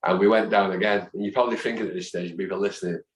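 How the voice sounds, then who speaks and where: A middle-aged man, telling lively, animated anecdotes as a guest in a conversation. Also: sits low, rapid-fire. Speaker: guest, football fan and chant songwriter. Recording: roomy echo.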